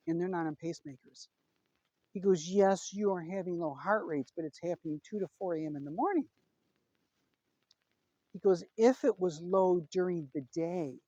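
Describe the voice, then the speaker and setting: A woman's voice: fairly low pitch, warm tone, slightly rough, no echo, muffled recording. A middle-aged woman vlogging a casual personal update, chatty and retelling a conversation with lots of "he goes".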